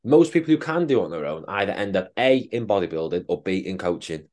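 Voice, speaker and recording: A man's voice: sits low, animated, quick pace, darkish tone. A young man, a fitness coach in casual chat, blunt and sweary, calling his co-host mate.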